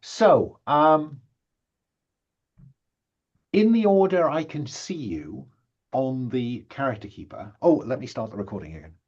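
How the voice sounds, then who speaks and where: Man, mid-pitched, chatty game master, dull online call audio, lots of fillers and restarts. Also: lively intonation, measured pace, long pauses, a little mellow. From Wales. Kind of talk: facilitating a tabletop session zero. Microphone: video call.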